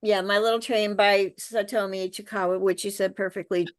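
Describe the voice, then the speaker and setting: A woman's voice: mid-range voice, level tone, fairly quick. A woman on a video call, thoughtfully talking through a picture book she holds up. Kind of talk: casual group chat on a video call.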